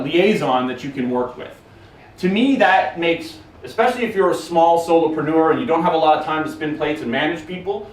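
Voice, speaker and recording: A man speaking casually to a live audience and taking their questions, blunt and profane with a joking tone. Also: fairly high pitch. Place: conference room with an audience. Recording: roomy, from a distance, faint noise.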